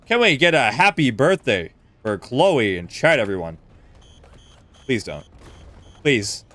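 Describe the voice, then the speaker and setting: Animated, swearing male gaming streamer. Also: medium pitch, takes it slowly, pauses often, no echo. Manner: animated, swears freely, talks to chat. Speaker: streamer and speedrunner. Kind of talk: live gameplay commentary.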